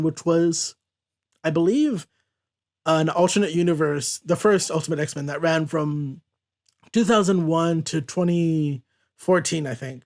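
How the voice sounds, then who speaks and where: A young man hosting a casual comic podcast, rambling and correcting himself as he talks. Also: a little high. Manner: rambling, chatty, self-correcting. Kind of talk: casual chat.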